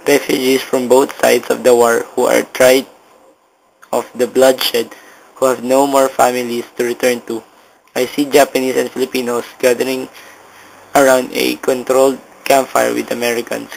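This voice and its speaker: A young man reading a story aloud as a school project, haltingly, with small stumbles and restarts. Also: medium pitch, gravelly, a little hiss or hum, poor audio. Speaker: student reader.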